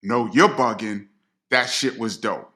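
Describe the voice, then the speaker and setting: A man putting on the voice of his excited male friend, who insists a song was great. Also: mid-range voice, a little slow, pitched below the performer's own voice. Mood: insistent. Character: excited male friend arguing hip-hop.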